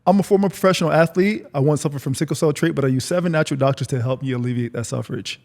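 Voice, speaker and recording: A man hosting a casual interview podcast, relaxed and chatty, often repeating his words as he asks follow-up questions. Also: on the high side, very fast, gravelly. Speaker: podcast host. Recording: long reverb.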